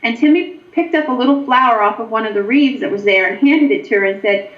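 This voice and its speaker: A woman recounting a ghost encounter at length, pausing on ums as she goes. Her voice sits a little high. The line sounds roomy and muffled, like a low-fidelity remote feed. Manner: anecdotal, hesitant with frequent ums. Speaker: guest author and paranormal investigator. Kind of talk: storytelling in a show interview. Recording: echoey, dull lo-fi line.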